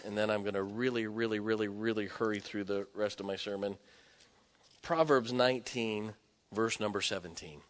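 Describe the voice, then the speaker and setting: A man preaching a sermon, telling personal stories with emphatic, animated delivery. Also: fairly low pitch, moderate pace. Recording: long hall reverb.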